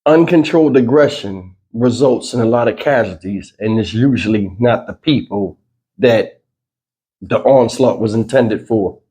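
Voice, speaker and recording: Rambling man with a dark morning voice. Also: mid-range voice, a little slow, husky. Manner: loose, rambling delivery with frequent fillers. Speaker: channel host. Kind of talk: casual news commentary vlog.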